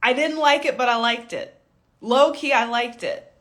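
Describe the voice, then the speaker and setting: A woman's voice: fairly high pitch, normal speed, fairly bright tone. A woman in her thirties, a stylist business coach, giving a blunt, profane motivational rant with mocking impressions.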